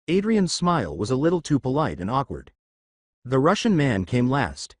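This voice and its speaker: A man narrating a fan fiction story in a steady storytelling manner. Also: medium pitch, normal speed, dry recording, clean studio sound.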